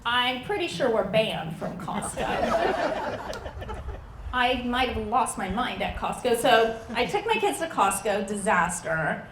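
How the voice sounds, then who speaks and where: High-voiced woman doing stand-up. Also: a little slow, reverberant, background noise. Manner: animated storytelling, acts out family members. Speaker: stand-up comedian. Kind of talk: stand-up comedy set. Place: outdoor backyard show.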